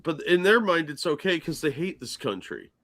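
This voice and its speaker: A man co-hosting a casual talk show, sarcastic and joking, with quick asides. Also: on the high side, big pitch swings, fairly bright tone. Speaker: podcast co-host. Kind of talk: casual opinion chat.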